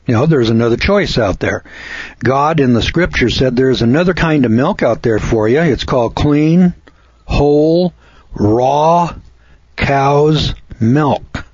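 Husky farmer type, emphatic and repetitive delivery; dull lo-fi audio. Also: male voice, mid-range voice, no room sound. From Missouri, USA. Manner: emphatic, repeats lists of words for stress. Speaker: dairy farmer and presenter. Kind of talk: folksy monologue to camera. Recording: dull lo-fi recording.

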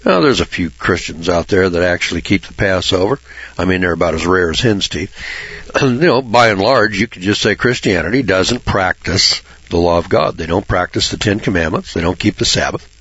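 A man's voice: deep voice, normal speed, a bit bright, breathy edge, dry recording. A man giving informal Bible commentary in a blunt, folksy way, swearing freely and mocking churchgoers with sarcastic asides. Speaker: Bible teacher. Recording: dull lo-fi recording.

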